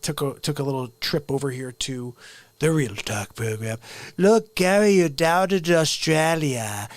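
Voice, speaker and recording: A livestream host who does impressions runs an unscripted live comedy monologue, rambling and joking before turning earnest with sincere asides. His voice is fairly high-pitched, with no room sound.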